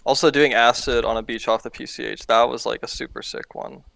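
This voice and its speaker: A man's voice: mid-range voice, steady tone, a little fast, gravelly, a bit bright, dry recording. A young man chatting casually on a podcast, rambling with lots of filler words. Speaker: podcast co-host or guest. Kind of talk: casual chat.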